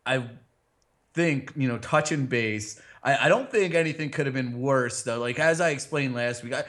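A man's voice: medium pitch, moderate pace, a bit bright. A man hosting a casual chat, rambling and teasing his co-host with crude jokes and stammered restarts. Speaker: podcast host.

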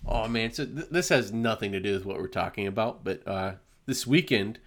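A man's voice: on the low side, brisk. A man co-hosting a casual chat, telling stories animatedly and laughing often.

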